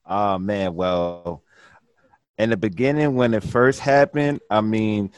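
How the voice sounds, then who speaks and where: A man who coaches high school basketball, a laid-back guest on a casual podcast chat. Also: steady tone, takes it slowly, clean tone, no room sound.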